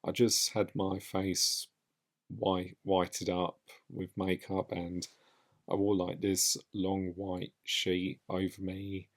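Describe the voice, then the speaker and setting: A man talks on his own podcast. He speaks casually and with enthusiasm, reflecting as he goes and wandering from point to point. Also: deep voice. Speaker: podcast host.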